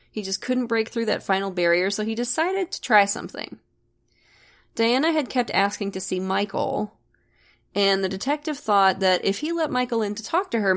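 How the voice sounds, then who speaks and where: Woman host, true crime podcast, chatty and wry, mid-pitched, laughs a lot. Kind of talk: casual true crime storytelling.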